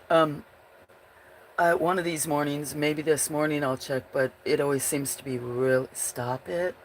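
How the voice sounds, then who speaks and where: A woman's voice: low voice, a little slow, a little hiss or hum. A woman hosting a casual livestream, chatting with viewers in a rambling way and often breaking into giggles. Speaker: livestream host.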